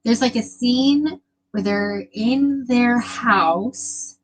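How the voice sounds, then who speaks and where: A woman's voice: a little high, extremely slow, slight background noise, poor audio. A young woman hosting a casual live stream, chatting with viewers in a gushing, emotional way with lots of fillers.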